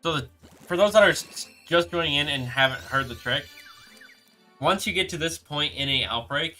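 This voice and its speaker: Bright-voiced young man chatting on stream. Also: on the high side, expressive. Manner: rambling, halting, reads chat aloud and answers. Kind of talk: casual live-stream chat. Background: background music.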